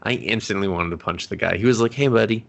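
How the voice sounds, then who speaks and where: A deep-voiced man co-hosting a casual movie review chat, his low tone roughened by gravelly fry yet carrying a bright, forceful edge. He laughs easily and swears as he quotes characters. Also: steady tone, fast.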